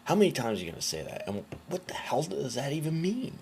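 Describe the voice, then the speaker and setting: Sarcastic man with a lively gravelly voice. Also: medium pitch, quick pace, a little hiss or hum. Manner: incredulous, sarcastic, mocking. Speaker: commentary video host. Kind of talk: casual commentary.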